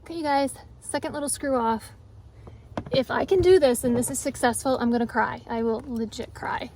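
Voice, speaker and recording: A DIY vlogger with a high, slightly mellow voice talks viewers through a repair in her pickup truck, speaking a little fast. Her casual how-to is chatty and emotional, and there's a faint hiss or hum.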